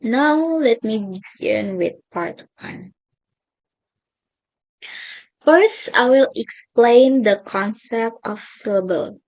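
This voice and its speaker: A woman's voice: fairly high pitch, expressive, slow, pauses often, a little mellow, poor audio. A young woman reading out her class presentation on linguistics, carefully stressing each example word. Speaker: student presenter.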